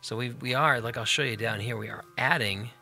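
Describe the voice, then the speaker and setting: A man's voice: mid-range voice, fairly quick, bright, forceful tone. A man hosting a Let's Play, giving upbeat, chatty gameplay commentary and talking directly to viewers.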